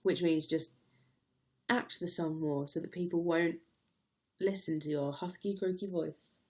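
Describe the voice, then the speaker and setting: Young woman, casual chatty livestream host, slightly low voice, laughs easily. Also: steady tone, measured pace, slightly rough. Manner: chatty, laughs readily, reads out viewer comments.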